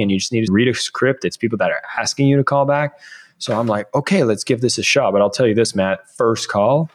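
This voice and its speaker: A man in his thirties, a guest on a podcast, telling stories in a casual, animated way and acting out the lines people said to him. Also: medium pitch, fast. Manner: animated, acts out quoted dialogue. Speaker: podcast guest, sales author. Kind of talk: casual interview storytelling.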